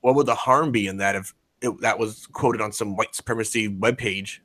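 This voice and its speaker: A man's voice: fairly low pitch, fairly even intonation, moderate pace, a bit bright, dry recording. A man hosting a casual podcast chat, blunt and opinionated, swearing freely.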